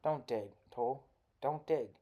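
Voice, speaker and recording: A man voicing a shrill, raging older woman who scolds children in loud, sharply enunciated bursts. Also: fairly even intonation, a little slow, dull audio, natural voice. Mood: shrieking.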